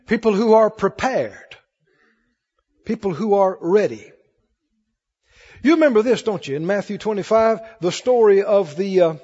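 A man preaches to a church congregation in a high, darkish, husky voice, emphatic and calling for responses. He's a pastor, and the lo-fi recording echoes through the hall.

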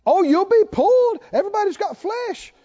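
High-voiced older male preacher, animated. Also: normal speed, dull audio. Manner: emphatic, preachy, folksy humor. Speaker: pastor. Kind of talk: sermon.

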